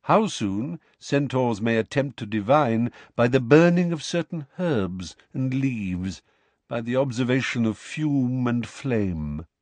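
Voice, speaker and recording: A man voicing a calm, aloof male centaur teacher who speaks in a measured, quietly disdainful way. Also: mid-range voice, no room sound.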